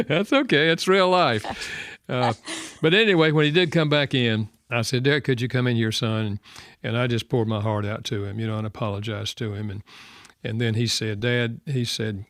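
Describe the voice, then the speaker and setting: An older man with a Southern American drawl and a gravelly edge to his voice, recounting a story on a radio talk show. He speaks earnestly and reflectively, often dropping softer. The studio sound is close and dry. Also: lowish voice, fairly even intonation, brisk, no room sound. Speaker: radio show host and author.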